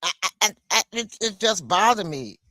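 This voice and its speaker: A woman's voice: mid-range voice, expressive, moderate pace, bright, forceful tone, no room sound. A woman from the United States hosting a solo livestream, venting in an impassioned, emphatic way. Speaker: livestream host.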